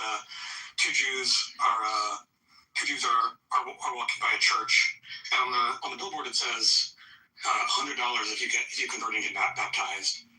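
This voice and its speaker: A man in a casual group voice chat, telling jokes in a halting, rambling way. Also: medium pitch, sharp tone, echoey room, far from the mic, poor audio. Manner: rambling, halting joke teller.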